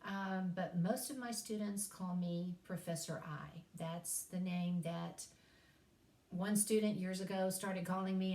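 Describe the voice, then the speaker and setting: A woman's voice: fairly low pitch, darkish tone. Folksy woman telling classroom stories. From East Tennessee, USA. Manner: folksy storytelling, self-deprecating humor. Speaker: college English teacher. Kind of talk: recorded course lecture. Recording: echoey room.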